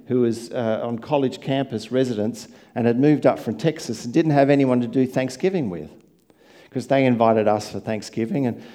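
Male pastor, sermon, storytelling, mellow dark tone, quiet to loud swings. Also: mid-range voice.

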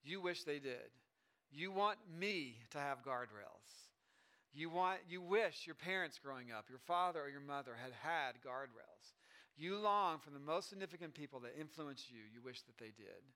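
A middle-aged pastor giving a chatty sermon, with asides and restarts. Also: male voice, fairly high pitch, animated, normal speed, sharp tone, smooth. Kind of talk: conversational sermon.

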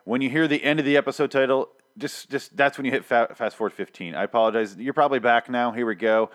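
A man's voice: medium pitch, fast talker, few pauses. A man hosting a podcast, chatting casually in a rambling, self-deprecating way. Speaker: podcast host.

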